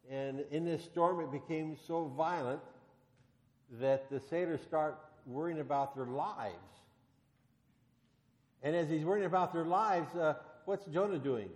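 A man preaching a sermon, retelling a story in a conversational, storytelling way and getting animated when he voices the characters. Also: a little high, in a large hall.

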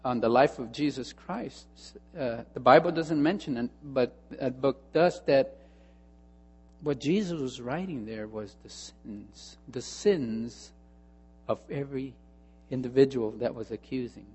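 Slow-preaching pastor in a ringing hall. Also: male voice, mid-range voice, breathy edge. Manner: storytelling, swinging between hushed asides and emphatic repetition. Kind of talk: sermon.

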